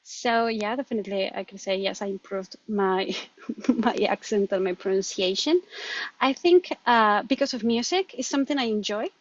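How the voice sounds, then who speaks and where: Woman, Colombian accent, Spanish native speaker, animated interview chat, slightly high pitch, dull lo-fi sound. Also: dry recording. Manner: animated, laughs often, restarts words. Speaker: guest. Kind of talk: conversational interview.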